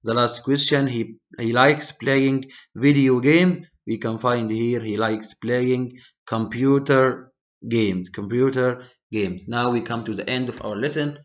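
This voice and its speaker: Slow, deliberate male teacher. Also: medium pitch. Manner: slow, deliberate, stressing single words. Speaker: English teacher. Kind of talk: English reading lesson. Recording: dull lo-fi recording.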